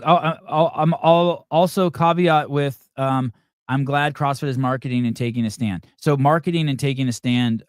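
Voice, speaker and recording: A man's voice: medium pitch, a little mellow, dry recording, clean studio sound. A man hosting a podcast in casual talk, reacting to viewer comments in a blunt, profane and rambling way. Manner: rambling, self-interrupting delivery. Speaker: podcast host.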